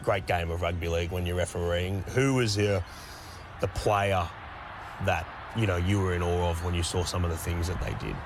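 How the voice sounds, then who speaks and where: A man interviewing a guest, asking loose, friendly questions with some halting phrasing. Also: low voice, fairly even intonation, noisy background.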